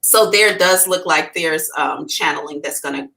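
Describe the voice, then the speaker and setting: A woman hosting a live psychic reading, talking in a blunt, profane and animated way. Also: low voice, moderate pace.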